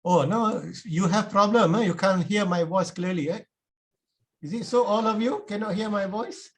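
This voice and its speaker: A man's voice: high voice, moderate pace. A man with a Malaysian English accent teaching a university class over a video call, tagging his sentences with "eh?" and speaking in plain, informal English. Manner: repeated checks with a tag "eh?", plain informal phrasing. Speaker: university lecturer. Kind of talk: online class lecture.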